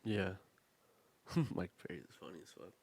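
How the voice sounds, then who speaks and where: A man's voice: low voice, lively intonation, moderate pace, a little mellow, husky. A man co-hosting a sports podcast, chatting in a slangy, agreeable way and swearing freely. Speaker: podcast co-host. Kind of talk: casual chat.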